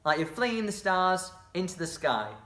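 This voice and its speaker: A bright, forceful voice leads a children's drama session, calling out actions and praising every attempt. The leader cheers the kids on and throws in playful sound effects. The room gives the voice a noticeable echo. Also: medium pitch, very animated, normal speed. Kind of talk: instructing children in a movement game.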